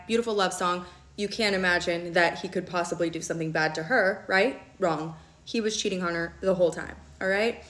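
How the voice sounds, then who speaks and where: A woman's voice: lowish voice, fairly bright tone. A woman in her late twenties telling a personal story in a casual, candid way, often checking in with her listeners and swearing freely. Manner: candid and quick, with frequent "okay?" check-ins and swearing. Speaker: storyteller vlogger. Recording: roomy echo.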